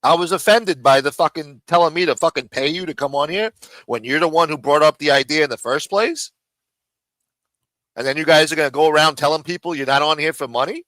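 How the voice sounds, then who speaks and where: A man's voice: a little high, fairly quick, fairly bright tone, no echo, poor audio. A man hosting a live stream, ranting angrily and mockingly with a lot of profanity, talking around a throat lozenge. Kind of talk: heated live stream rant.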